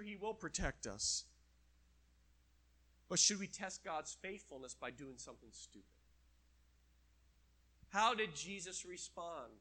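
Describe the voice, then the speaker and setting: A man's voice: sits high, bright, forceful tone. A man preaching a sermon, acting out quoted voices and dropping to a near whisper at times.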